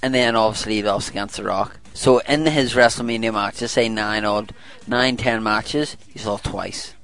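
A man's voice: on the low side, steady tone, normal speed, fairly bright tone, clear, resonant tone, soft background music. A man co-hosting a casual podcast, joking and teasing his co-host. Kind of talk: casual chat.

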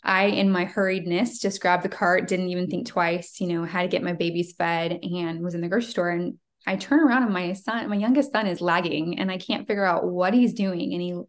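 A woman's voice: fairly low pitch, fairly even intonation, a little fast, few pauses. A woman in her thirties, a podcast guest, telling a personal faith story in an earnest, conversational way and acting out the dialogue. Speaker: podcast guest, prophetic trainer.

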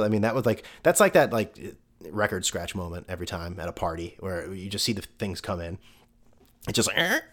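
A man's voice: deep voice, fast talker, a bit bright. A young man, a podcast host, telling a personal story in a loose conversational way, swearing now and then and laughing between thoughts. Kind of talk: casual storytelling monologue.

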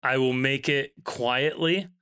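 Male co-host, casual banter, bright forward tone, quick to laugh. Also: medium pitch, smooth. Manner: laughs often, relaxed hosting. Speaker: podcast co-host. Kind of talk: casual chat.

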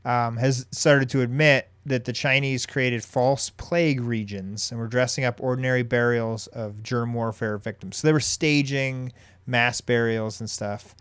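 A man with a smooth, resonant voice who talks through a story in a loose, rambling way. He pauses and restarts often while he hosts the chat. The sound is dry and close. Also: mid-range voice, fairly even intonation, a bit bright, dry recording. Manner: rambling, with many ums and restarts. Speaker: podcast host.

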